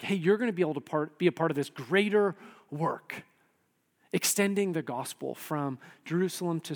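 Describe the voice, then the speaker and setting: A man preaching a sermon in a conversational, animated way, often dropping or raising his voice to act out quotes. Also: high voice, big-room sound. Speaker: pastor.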